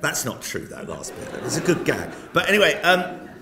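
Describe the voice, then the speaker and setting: A man's voice: fairly high pitch, wildly swooping pitch, a little fast, crowd noise. Wry older British man lecturing in a hall. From Britain. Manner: wry storyteller with self-mocking jokes. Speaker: guest lecturer. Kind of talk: anecdotal public lecture. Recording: roomy hall sound.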